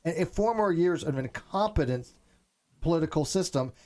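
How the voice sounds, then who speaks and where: A man's voice: a little high, fairly quick. A man hosting a casual live online chat, talking animatedly and often restarting his sentences. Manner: animated, repeats words when starting sentences. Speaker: host; military veteran.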